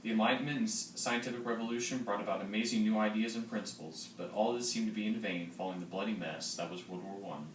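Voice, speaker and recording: A teenage boy with a fairly low voice reads his part of a class project plainly and steadily. The sound is distant and roomy. Faint noise sits underneath. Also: steady tone, fast talker, few pauses. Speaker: student presenter. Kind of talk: school project narration.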